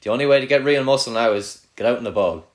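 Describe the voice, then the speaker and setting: A man's voice: mid-range voice, quick pace. A young man with an Irish accent from Kildare, hosting casual banter with a friend, teasing and swearing a lot, with many "like"s.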